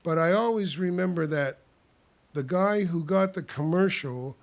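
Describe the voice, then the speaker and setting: A man with a high, creaky voice casually tells stories about his past at a measured pace. He rambles, restarts his sentences, and chuckles often.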